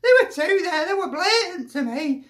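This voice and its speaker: A squeaky, sweary football fan. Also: male voice, expressive, normal speed, a bit bright. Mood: gleeful. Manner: gleeful, sweary, cackling, full of tag questions. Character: squeaky foul-mouthed northern football fan. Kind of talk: comic character rant.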